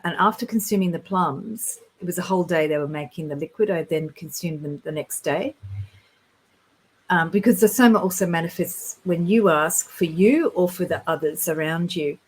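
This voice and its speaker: A woman with a fairly low voice tells her stories in a relaxed, rambling way. She sounds earnest and gets excited easily, and her sentences often restart mid-thought. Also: breathy edge, rough recording. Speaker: guest sharing spiritual experiences. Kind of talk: casual conversation.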